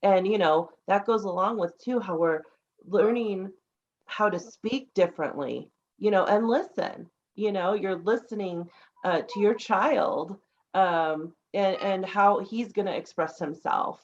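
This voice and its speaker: A woman's voice: mid-range voice, a little slow, slight background noise. Woman, podcast host, casual chat, rambling, lots of fillers, somewhat muffled recording. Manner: rambling, many fillers and restarts. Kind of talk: casual conversational interview. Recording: slightly dull lo-fi audio.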